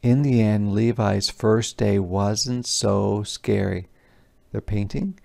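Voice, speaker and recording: A man's voice: fairly low pitch, fairly even intonation, slow pace, vocal fry. A man teaching by reading a picture book aloud to young children, stopping to explain words and pictures in simple terms. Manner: puts gentle emphasis on the words he reads aloud.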